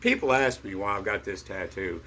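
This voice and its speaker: A middle-aged man telling a rambling personal story in a halting way, full of fillers and restarts. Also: lowish voice, expressive, sharp tone, slight background noise. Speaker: vlogger.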